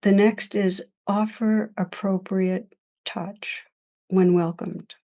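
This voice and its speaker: A woman meditation teacher giving a gentle, reflective dharma talk, laughing often as she speaks. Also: medium pitch, fairly even intonation, slow, gravelly.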